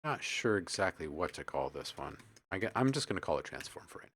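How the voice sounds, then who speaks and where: A man's voice: deep voice, fast, very noisy. A man hosting a live music-production stream, talking casually and enthusiastically while he works and reads out chat comments. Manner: relaxed, enthusiastic, reads chat aloud, thinks out loud. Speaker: livestream host and music producer.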